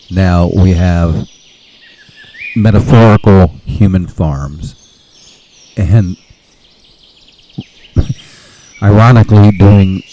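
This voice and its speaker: A man's voice: low-pitched, warm tone, slight background noise. A man hosting a podcast, talking in a rambling casual monologue with restarts and nervous little laughs. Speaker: podcast host.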